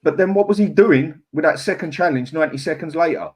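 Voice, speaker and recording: A man's voice: fairly high pitch, fast, darkish tone. A man, a panelist on a fan podcast, talking bluntly and laughing often. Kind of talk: casual chat.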